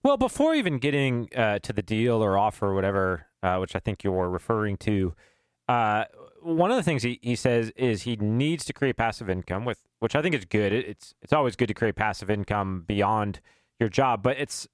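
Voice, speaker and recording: A man hosting a podcast, giving advice in a measured, thoughtful way with frequent fillers. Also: lowish voice, big pitch swings, no room sound. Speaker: podcast host.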